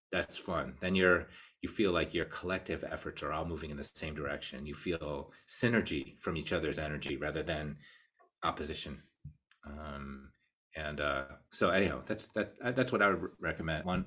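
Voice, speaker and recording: A man with an American accent giving a casual live online cello lesson, explaining ideas and counting beats out loud. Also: sits low, husky. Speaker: cello teacher. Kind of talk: live online masterclass talk.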